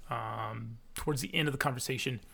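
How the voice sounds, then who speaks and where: A man narrating a tabletop game as game master, halting with fillers and restarts. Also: mid-range voice, creaky, a bit bright, slightly rough.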